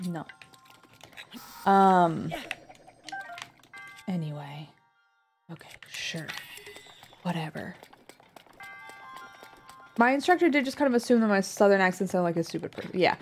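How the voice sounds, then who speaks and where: A woman livestreamer chatting casually while she plays, rambling along with lots of fillers and quick asides. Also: a little high. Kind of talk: casual chat while gaming.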